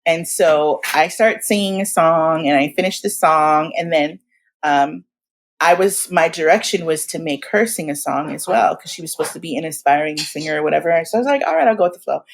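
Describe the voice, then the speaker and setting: A woman in her forties telling stories in casual chat as a guest, animated and laughing often, acting out the voices of people she quotes. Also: low-pitched, a little fast, vocal fry. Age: 40s. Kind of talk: casual storytelling.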